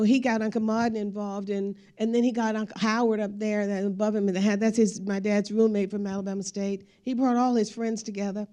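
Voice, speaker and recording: A woman's voice: mid-range voice, mellow. A woman giving a speech, telling family stories while showing pictures. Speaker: speaker. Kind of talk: storytelling speech with slides.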